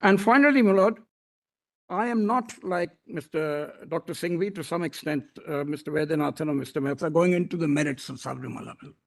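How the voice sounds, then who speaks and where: Speaking fairly quickly in a fairly high, creaky voice, a man with an Indian English accent makes a formal argument to a court bench. He is deferential and emphatic, addressing the judges as "my lord" and frequently restarting phrases.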